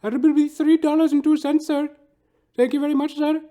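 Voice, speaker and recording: A man voicing an overly polite young male cashier who keeps repeating "sir," in a much higher, louder and quicker voice. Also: level tone. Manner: eager, repeats "sir" constantly.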